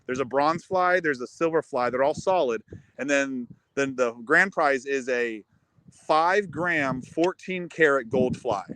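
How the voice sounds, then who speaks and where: Bright-voiced man telling stories. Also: medium pitch, measured pace, poor audio. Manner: animated storytelling, lots of restarts. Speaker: musician guest. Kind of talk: casual chat.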